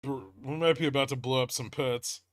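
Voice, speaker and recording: A man's voice: medium pitch, fairly even intonation, brisk, no room sound, clean studio sound. A man hosting a livestream, casually commenting on trades as he reacts to the charts and swears now and then. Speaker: livestream host trading stocks.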